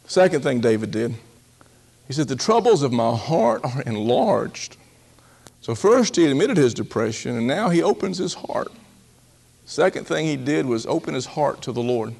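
A man preaching a sermon in a folksy, humorous way, slowing down on key words and acting out quotes in a raised voice, often laughing. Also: mid-range voice, big pitch swings, vocal fry, darkish tone, slightly rough. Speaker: pastor.

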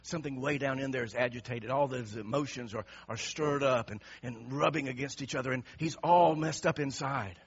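A man's voice: mid-range voice, moderate pace, few pauses, husky, dull audio. A male pastor preaching an impassioned sermon, emphatic and repeating words for effect.

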